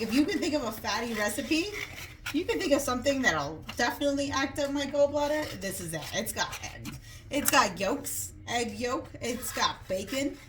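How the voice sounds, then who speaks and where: Casual woman vlogger, out of breath, rambling kitchen chat with faint noise behind. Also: fairly high pitch. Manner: chatty, rambling, self-joking. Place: home kitchen.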